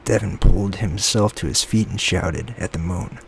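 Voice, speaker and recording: A man reading his own novel aloud in a soft-spoken ASMR style, slipping into whispers now and then. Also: normal speed, gravelly. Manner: soft, low-key reading that slips into whispers. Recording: lo-fi with faint background noise.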